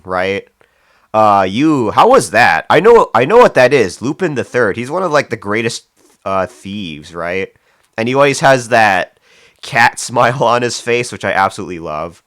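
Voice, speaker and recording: Rambling low-voiced male streamer. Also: sing-song, moderate pace, fairly bright tone, no room sound. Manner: rambling, reads chat aloud, frequent fillers and restarts. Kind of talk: casual live-stream chat.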